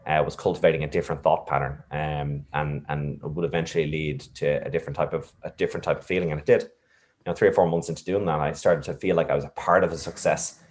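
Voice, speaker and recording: A man's voice: extremely low pitch, steady tone, fast. A man reflectively telling a personal story, with many fillers and restarts. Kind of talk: casual storytelling.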